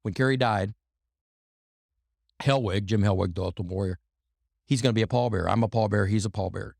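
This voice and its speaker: A man's voice: on the low side, fast, vocal fry, a little mellow, no room sound, studio quality. A man guesting on a podcast, telling loose, rambling anecdotes full of fillers and restarts. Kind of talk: casual storytelling.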